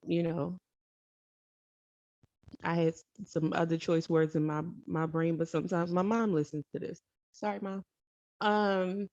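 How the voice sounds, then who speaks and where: In a dull lo-fi recording that's dry with no echo, a woman with a slightly mellow, lowish voice tells a personal story. The vlogger rambles casually, correcting herself along the way and adding emphatic asides.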